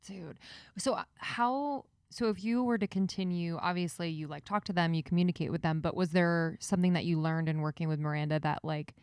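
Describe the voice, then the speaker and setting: Low-voiced woman co-host, casual. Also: fairly even intonation, brisk, a little mellow, smooth, dry recording, studio quality. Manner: listens with short reactions and laughs. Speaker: podcast co-host. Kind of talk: casual chat.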